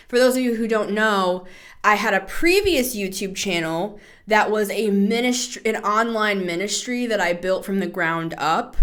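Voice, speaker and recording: Chatty woman hosting a tarot podcast. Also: medium pitch. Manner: chatty, animated, laughs and swears freely. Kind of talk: casual spoken tarot reading.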